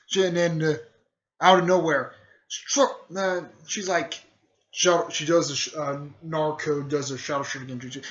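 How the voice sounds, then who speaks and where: A man's voice: a little high, fairly even intonation, moderate pace, fairly bright tone. A man rambling casually through a fan story retelling, full of fillers and restarts, in a dull lo-fi recording.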